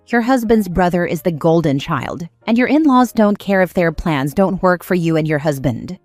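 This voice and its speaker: A woman narrating online posts aloud in a lively scripted storytelling manner. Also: fairly low pitch, no room sound.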